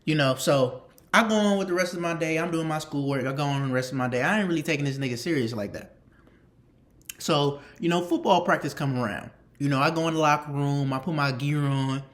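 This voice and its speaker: A young man casually telling a story, animated and slangy, repeating phrases for emphasis and swearing freely. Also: fairly high pitch, brisk. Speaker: storytime vlogger.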